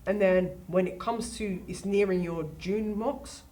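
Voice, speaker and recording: A woman's voice: medium pitch, unhurried, mellow, slight background noise. A teenage girl, a student guest, giving emphatic advice in casual chat, repeating her points and asking rhetorical questions. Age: late teens.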